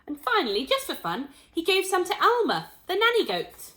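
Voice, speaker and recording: A woman teacher reading a storybook aloud to children, expressive and pointing out the pictures as she goes. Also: extremely high pitch, moderate pace. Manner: expressive, shows pictures to listeners.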